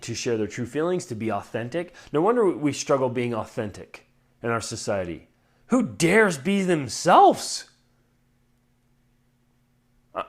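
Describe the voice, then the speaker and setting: Earnest, animated man podcast host. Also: fairly high pitch. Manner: animated, swinging from loud emphasis to hushed, near-whispered words; earnest and direct, with many restarts and rhetorical questions. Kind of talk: heartfelt casual talk to listeners.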